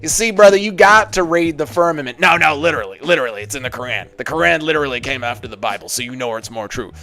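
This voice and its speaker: A man's voice: on the high side, animated, fast talker, sharp tone. A man doing a comic impression of a male fighter lecturing insistently about religion. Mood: preachy.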